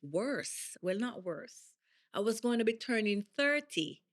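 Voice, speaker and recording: A woman in her thirties from Jamaica, with a Jamaican accent, telling her story in an interview in an animated, emphatic way and slipping into patois. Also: a little high, measured pace. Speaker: guest athlete.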